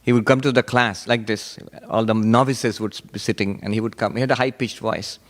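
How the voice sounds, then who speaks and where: A man, a monk, giving a sermon on Vedanta with animated storytelling and frequent laughter. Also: on the low side, brisk, in a large hall.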